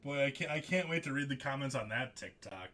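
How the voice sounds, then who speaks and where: Excitable man hosting a live card break. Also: medium pitch, brisk. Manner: excitable, jokey, laughs often. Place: studio.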